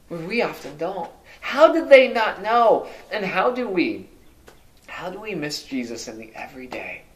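A male pastor preaching a sermon, asking many rhetorical questions and moving between loud emphasis and hushed, quiet lines. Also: high-pitched.

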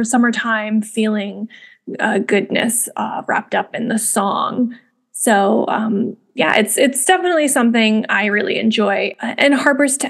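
A young woman hosting a music podcast, talking casually with lots of fillers and restarts. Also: fairly high pitch. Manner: chatty, many fillers and restarts. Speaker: podcast host. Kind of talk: casual spoken commentary.

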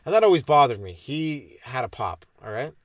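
A comedian talks through a meandering solo podcast bit at a middling pitch. He keeps breaking off his own sentences and throws in crude, deadpan irony. The recording is dry, with no room sound. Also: normal speed, no room sound. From Ontario, Canada. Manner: meandering, self-interrupting, crude and ironic. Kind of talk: rambling comedic monologue.

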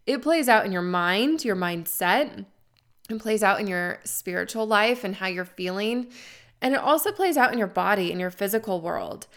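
A woman's voice: medium pitch, lively intonation, normal speed, fairly bright tone. Woman host in her thirties, earnest and encouraging, talking listeners through confidence steps, leans on key words. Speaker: podcast host. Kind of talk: coaching talk to listeners.

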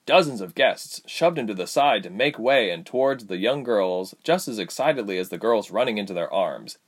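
A man's voice: on the low side, animated, normal speed, breathy edge. A man reading a fantasy story aloud as narrator.

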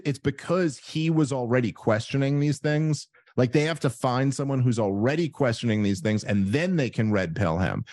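A man speaking as a guest in a casual conversation, animated, acting out his own inner thoughts as he talks. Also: medium pitch, dry recording, studio quality. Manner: animated storyteller, acts out inner voices.

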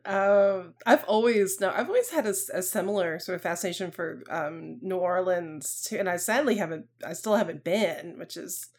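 A woman's voice: lowish voice, moderate pace, hardly any pauses, a little mellow. A woman with a light Southern American accent co-hosts a film podcast. Her talk is chatty and friendly, full of ums and restarts as she thinks aloud. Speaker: podcast co-host. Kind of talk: casual film chat.

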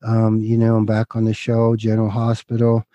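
A middle-aged man telling his personal story as a podcast guest, casual and candid, calling the host "dude" and pausing when emotional. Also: lowish voice, monotone, mellow, dry recording, dull audio. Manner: casual, says dude, halting and emotional at times.

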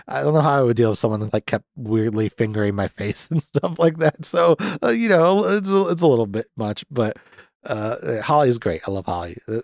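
A man's voice: mid-range voice, darkish tone, dry recording, studio quality. A man in his thirties hosting a podcast, chatting casually and ramblingly about a film and swearing freely. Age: 30s. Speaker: podcast host. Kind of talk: casual movie review chat.

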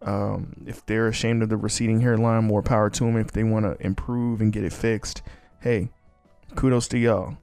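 A man's voice: lowish voice, little pitch movement, moderate pace, gravelly, a little mellow, clear, resonant tone, dry recording, soft background music. A man hosting a podcast on his own, ranting bluntly and casually with plenty of swearing. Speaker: podcast host. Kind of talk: casual solo commentary.

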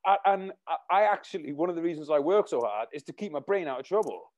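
A man, an army veteran and writer, talking in a halting, rambling, profane way. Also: fairly high pitch, expressive, darkish tone. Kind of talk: casual conversation.

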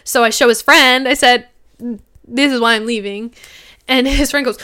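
A young woman co-hosting a podcast, telling a personal story in casual chat, animated and swearing, quoting others. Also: fairly high pitch, normal speed, smooth. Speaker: podcast co-host.

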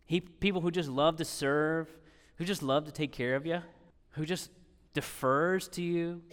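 A male pastor delivers a sermon in a church sanctuary, his voice sitting a little high for a man. He speaks conversationally but with emphasis, hammering key words through repetition and tossing in dry sarcastic asides. The sound trails off in the long reverb of the hall.

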